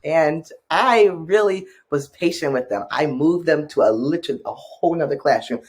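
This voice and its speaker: A male teacher co-hosts a podcast, telling classroom stories in casual chat, animated and often trailing off quietly. His voice is husky, on the high side, at a moderate pace.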